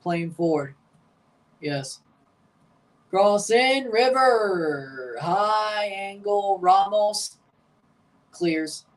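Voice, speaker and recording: A woman's voice: medium pitch, lively intonation, extremely slow, long pauses, recorded from a distance. A woman hosting a live match watchalong, chatting casually and calling the plays in short bursts.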